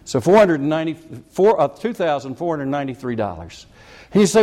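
A man's voice: on the high side, sing-song, a little fast, dark tone. An older male pastor preaching a folksy, conversational sermon full of asides and rhetorical questions.

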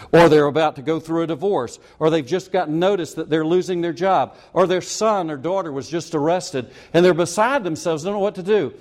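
A man's voice: on the high side, darkish tone. An older male pastor preaching a folksy, conversational sermon full of asides and rhetorical questions.

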